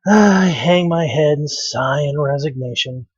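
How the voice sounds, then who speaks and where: Man, let's play host, reads a visual novel aloud, dramatic wry narration, slightly high voice, dry dull sound. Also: measured pace, slightly rough, no echo.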